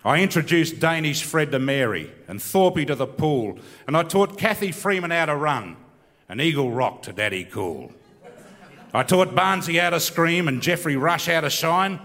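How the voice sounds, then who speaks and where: A middle-aged Australian man with a laconic, self-mocking manner tells a rambling comic story, then launches into rhyming bush verse. His pitch swings widely as he performs. The sound carries a long, reverberant hall tail. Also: a bit bright.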